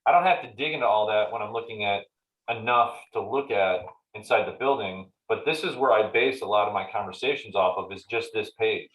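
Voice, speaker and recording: A man's voice: lowish voice, brisk, dull audio. A man leading a casual training session for real estate agents, talking conversationally and walking through examples. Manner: conversational, acts out client dialogues in animated voices. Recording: roomy echoey meeting room.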